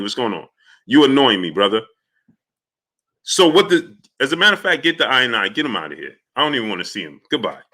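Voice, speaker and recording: A man hosting a live stream, greeting viewers by name and ranting with heat. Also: medium pitch. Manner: animated, heated, shouts out chat names. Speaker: livestream host.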